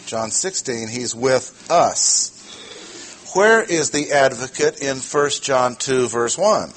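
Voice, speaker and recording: A man teaching a sermon verse by verse, slow and deliberate, repeating his key words. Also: mid-range voice, expressive, fairly bright tone, a little hiss or hum. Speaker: preacher. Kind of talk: expository Bible teaching.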